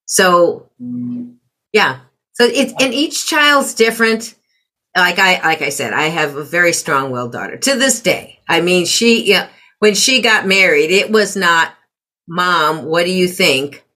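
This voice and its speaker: A middle-aged woman, a guest on parenting, gives advice in a conversational interview, reflecting and acting out quoted remarks in changed voices. Her pitch is fairly low, with lively intonation, a measured pace, and a bright, forceful tone.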